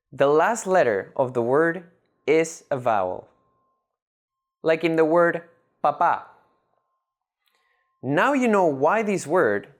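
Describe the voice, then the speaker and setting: A language teacher giving a scripted lesson narration, measured and methodical, breaking words into syllables. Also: mid-range voice.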